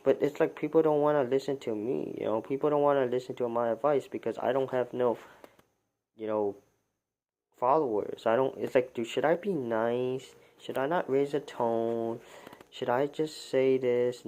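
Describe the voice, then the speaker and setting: A man talking off the cuff on a livestream, starting sentences over and repeating words as he goes. His voice sits at an ordinary middle pitch for a man. He sounds exasperated and keeps firing rhetorical questions. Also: dark tone. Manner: halting, many restarts and repeated words. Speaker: livestream commentator. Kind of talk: unscripted livestream commentary.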